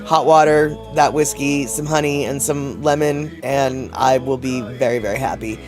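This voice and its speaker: A man's voice: medium pitch, fairly even intonation, moderate pace, music in the background. A man hosting a casual livestream, reading chat messages aloud and rambling in a chatty way, laughing often.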